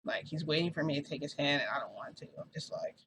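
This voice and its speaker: A woman's voice: low voice, quick pace, background noise. A woman vlogger telling a long story in a casual, rambling way, swearing and acting out what people said.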